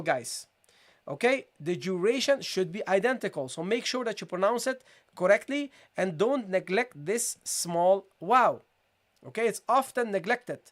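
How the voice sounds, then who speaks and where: Patient teacher repeating and checking in. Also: male voice, high-pitched, a bit bright. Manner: repetitive, checking in with viewers, slow demonstration of sounds. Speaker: Quran recitation and Arabic teacher. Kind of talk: live-streamed tajweed lesson.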